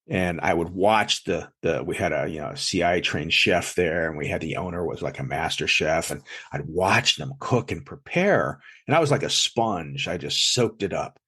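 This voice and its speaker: Speaking with a low, fairly bright, slightly rough voice, this South Jersey chef and food blogger tells meandering stories as an interview guest. His casual talk is packed with fillers and restarts.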